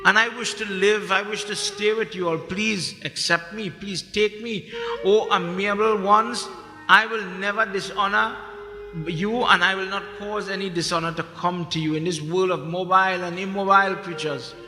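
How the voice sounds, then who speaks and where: A man's voice: sits high, steady tone, moderate pace, close to an everyday voice. Gracious pleading goddess, as a man puts her on. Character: gentle gracious goddess, woman, pleading softly. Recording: echoey hall with music behind.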